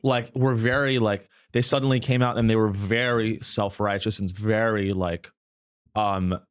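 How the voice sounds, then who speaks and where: A man's voice: fairly low pitch, fairly even intonation, unhurried, smooth. A man hosting a comedy podcast, rambling and profane, often breaking into mocking impressions. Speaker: podcast host. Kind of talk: casual comedic podcast chat.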